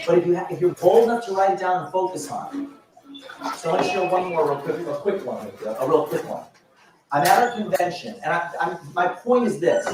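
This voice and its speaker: Man in his fifties, motivational speaker, animated and restarting often, miked from a distance in a big echoing hall. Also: a little high, noisy background. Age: 50s. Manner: animated storytelling with frequent restarts and laughs. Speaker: motivational speaker at a business event. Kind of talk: motivational speech. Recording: echoey hall, voice from far off.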